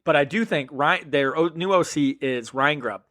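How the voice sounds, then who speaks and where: A man's voice: on the high side, fairly bright tone. A man co-hosting a casual fantasy football podcast, chatty and analytical as he lays out his picks. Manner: chatty, analytical, quick agreeing interjections. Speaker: podcast co-host.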